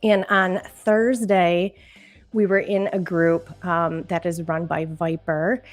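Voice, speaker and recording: A woman's voice: lowish voice, level tone, takes it slowly. A woman hosting a casual live-stream podcast, chatty and emotional, laughing often as she talks. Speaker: podcast host. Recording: faint background music.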